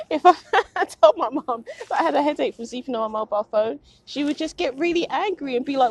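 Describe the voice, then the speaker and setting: A woman's voice: high-pitched, animated, fast talker, few pauses, no room sound. Chatty woman, laughing often. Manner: rambling, self-mocking, laughs often. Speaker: vlogger. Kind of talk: casual confessional chat. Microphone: phone or low-end camera.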